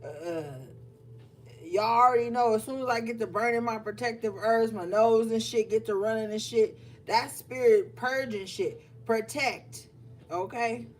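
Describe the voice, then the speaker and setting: A woman's voice: a little high, measured pace. A woman giving a casual livestream tarot reading, talking bluntly with lots of profanity, scolding her viewers and laughing often. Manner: scolding, animated. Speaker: tarot reader. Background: faint music.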